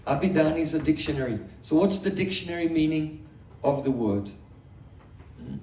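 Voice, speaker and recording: A man with a mellow, fairly high voice gives a morning scripture class, explaining patiently through homely examples and light humor. He sounds distant from the mic, in an echoey room. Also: lively intonation, moderate pace. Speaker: spiritual teacher. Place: indoor hall with a live audience.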